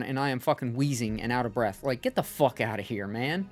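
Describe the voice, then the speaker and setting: A man's voice: medium pitch, animated, brisk. A male streamer, chatting and venting animatedly while gaming. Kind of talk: casual chat while gaming.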